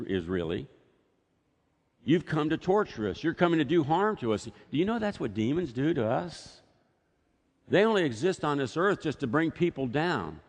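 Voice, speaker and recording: A man's voice: medium pitch, long reverb tail. A man preaching a sermon as pastor, telling a story and acting out voices from the scripture. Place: church sanctuary.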